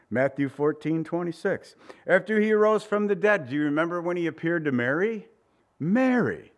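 Preaching conversationally, this male pastor keeps asking his congregation questions. When he quotes someone, he acts the voice out with wide pitch swings.

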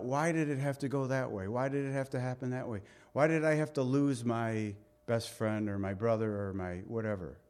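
Earnest male pastor preaching. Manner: earnest, with rhetorical questions; swings between loud emphasis and soft, low passages. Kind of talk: sermon.

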